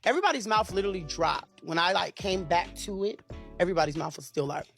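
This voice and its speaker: A man giving an interview, emotional and halting, often restarting and repeating himself. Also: sits high, lively intonation, gravelly, a bit bright, faint music behind. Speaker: interview guest.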